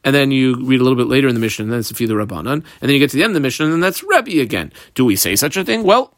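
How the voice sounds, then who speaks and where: A man's voice: mid-range voice, sing-song, very fast, no echo, clean studio sound. A man teaching a daily Talmud class, reading Aramaic text aloud and translating it as he goes, with frequent fillers, while describing the underlines and marks on his page. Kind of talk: daf yomi Talmud class.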